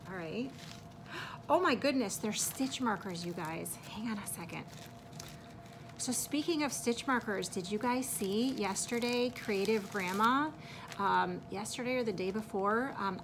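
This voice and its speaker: A woman's voice: a little high, noisy background. A woman who vlogs about crochet, chatting casually to viewers as she unboxes gifts, gushing and laughing often. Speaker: crochet vlogger.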